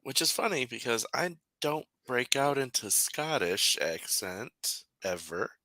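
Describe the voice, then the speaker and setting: A livestream host in casual chat who greets viewers by name and reads out their messages, friendly and unhurried. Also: medium pitch, big pitch swings, sharp tone, no echo.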